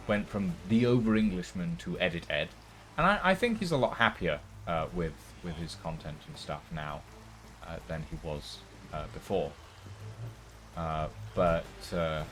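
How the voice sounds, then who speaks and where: A man's voice: deep voice, fairly bright tone. A man streaming, chatting casually with many fillers and restarts. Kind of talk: casual chat.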